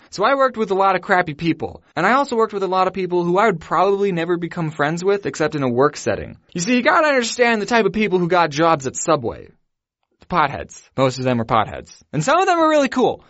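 A young man from Arizona telling comedic stories about his old job, animated and putting on squeaky voices. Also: no room sound, muffled recording. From Arizona, USA. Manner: animated, acts out voices in a high squeaky pitch. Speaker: animation vlogger. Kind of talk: comedic storytelling.

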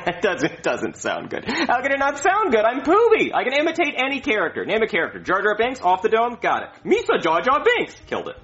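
A man's voice: high-pitched, huge pitch swings, a little fast, few pauses, fairly bright tone, pitched above the performer's own voice, full character voice. A man plays a smug, boastful puppet who rambles about his own talent, his voice leaping wildly up and down. The audio is dull and lo-fi. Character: brash cocky male puppet entertainer. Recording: dull lo-fi sound.

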